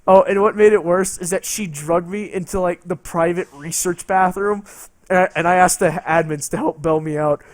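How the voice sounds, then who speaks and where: A man's voice: high voice, fairly even intonation, normal speed, dry recording. A man streaming a game and telling a rambling story, swearing and laughing as he goes. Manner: rambling, profane, laughing between lines.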